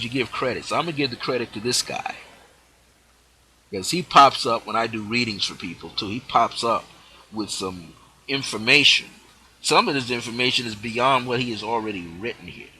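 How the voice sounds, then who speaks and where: A man hosting a spiritual teaching show, speaking reflectively and letting his phrase endings drop off softly. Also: mid-range voice, breathy edge, rough recording.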